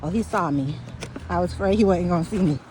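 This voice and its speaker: A woman telling a story in casual, profane, animated talk while walking outdoors at night, speaking into a phone. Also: fairly low pitch, fast talker, noisy background. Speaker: vlogger. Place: outdoors on a dark street at night.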